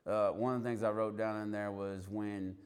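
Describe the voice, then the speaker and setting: A man's voice: on the low side, moderate pace, clear, resonant tone. A man preaching and telling a personal testimony, acting out quotes as he goes. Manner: animated storyteller who acts out quotes. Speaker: street preacher. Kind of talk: sermon testimony storytelling.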